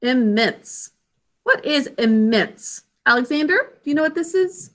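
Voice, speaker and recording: This woman speaks at a measured pace in a high voice with lively intonation. Teaching young children to read, she breaks each word into syllables and sounds them out clearly and patiently.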